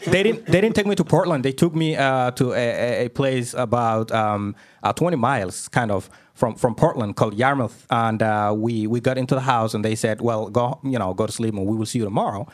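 Young Somali-born man as interview guest, telling his story in a halting, restarting way. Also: medium pitch. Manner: halting, many fillers and restarts. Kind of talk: conversational storytelling.

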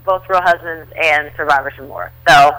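A playful actress is interviewed on radio, her voice bright and forward. The sound is dry and close, with quick animated leaps in her talk. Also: low voice, no echo, poor audio.

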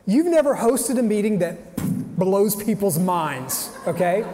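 A man giving an energetic, joking motivational talk on faith and work, firing off rhetorical questions to a live audience. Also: high-pitched, measured pace, slight background noise. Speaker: speaker at a young professionals' faith event. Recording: live talk in a reverberant hall.

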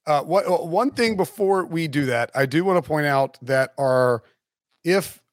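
A man hosting a casual sports podcast, talking in an animated, joking way with quick asides. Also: on the high side, no room sound, clean studio sound. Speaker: podcast host.

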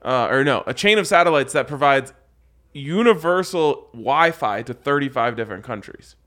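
A man's voice: medium pitch, animated, moderate pace, fairly bright tone. Laid-back, slangy podcast co-host man. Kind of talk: casual banter.

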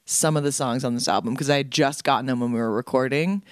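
A woman's voice: extremely low pitch, quick pace, no room sound, clean studio sound. A woman musician with a slight lisp, chatting casually in a radio interview and laughing often. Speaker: indie rock musician.

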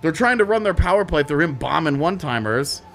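A fairly high-voiced man co-hosting a casual podcast. He talks quickly and with animation, often laughing between points. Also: lively intonation, fairly bright tone. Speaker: podcast co-host. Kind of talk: casual chat.

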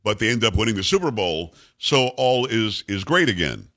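A middle-aged male talk host with a lively, swinging delivery. He is blunt and emphatic and circles back to repeat his points. His style is that of an opinionated monologue. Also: lowish voice, moderate pace. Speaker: radio talk show host. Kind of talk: opinionated monologue on sports news.

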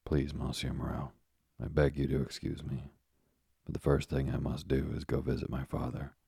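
A man voicing an earnest young sailor, deep and dark. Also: completely flat delivery, normal speed, gravelly, breathy edge, no room sound, studio quality, exaggerated voice. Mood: polite. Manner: polite, grave.

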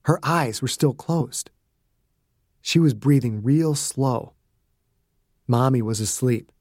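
A man narrating his own audiobook at a middle pitch. His storytelling is hushed and suspenseful. The sound is dry and close, with no room in it. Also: takes it slowly, dry recording. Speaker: author and narrator.

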